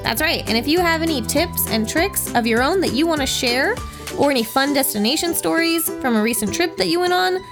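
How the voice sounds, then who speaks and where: A woman's voice: sits high, lively intonation, fairly quick, roomy sound, music in the background. A woman co-hosting a podcast, talking casually and filling her speech with "like". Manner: chatty, peppered with "like". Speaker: podcast co-host. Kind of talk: casual chat.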